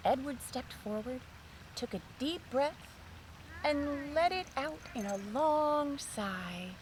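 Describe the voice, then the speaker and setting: A woman reading a children's picture book aloud in a gentle, sing-song storytelling manner. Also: high voice, animated, takes it slowly, slight background noise.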